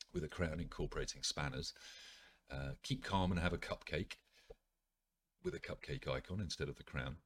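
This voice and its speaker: A man's voice: extremely low pitch, a bit bright, breathy edge. A man reading an article aloud, then breaking off for wry asides with frequent ums. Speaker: video presenter.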